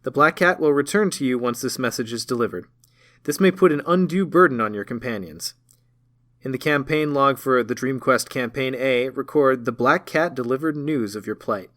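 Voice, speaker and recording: A man reading scripted narration from a card game campaign in a measured, even voice. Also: medium pitch, no echo, studio quality.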